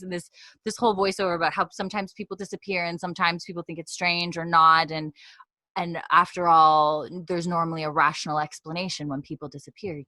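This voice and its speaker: A woman's voice: fairly low pitch, steady tone, brisk, bright, forceful tone, no room sound. A young woman co-hosting a podcast, recapping a TV episode in a rambling, chatty way with frequent laughs. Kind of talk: casual chat.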